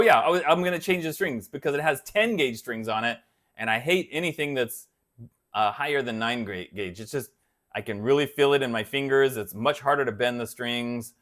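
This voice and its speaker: A man's voice: medium pitch, fairly bright tone. A man hosting a guitar channel, chatting casually on a live stream and rambling until he loses his thread.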